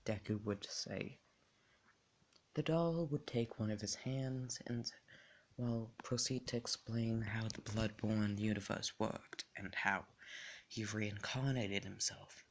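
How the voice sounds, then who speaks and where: A man's voice: on the low side, measured pace. A man improvising a fan story, rambling and correcting himself, often dropping to a half-whisper.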